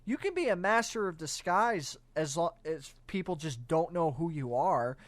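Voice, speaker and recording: Animated, crude young male co-host. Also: fairly high pitch, moderate pace, dry recording. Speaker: podcast co-host. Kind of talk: casual movie-riffing chat.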